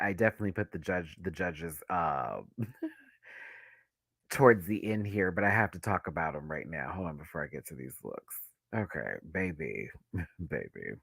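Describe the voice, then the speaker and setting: A man giving a campy, animated live review on his channel, laughing often and swinging his voice high and low. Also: dry recording, studio quality. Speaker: YouTube reviewer.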